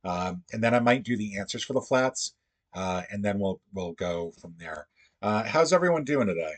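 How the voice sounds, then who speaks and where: A man hosting a casual livestream, thinking aloud in a halting, musing way as he works through puzzles. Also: fairly low pitch, lively intonation.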